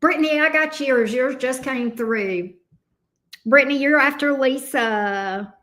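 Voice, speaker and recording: Southern woman, high voice, chatty livestream tarot host, upbeat and welcoming. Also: a little slow, fairly bright tone. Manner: bubbly, greets viewers by name. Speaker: tarot reader hosting a livestream. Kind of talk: casual livestream chat.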